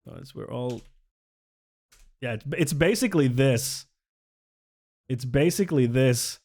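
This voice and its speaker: A man's voice: medium pitch, lively intonation, takes it slowly, long pauses, a little mellow. Sarcastic man streaming commentary. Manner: sarcastic, exasperated, swearing, laughs often. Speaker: livestreamer. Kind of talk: casual live commentary.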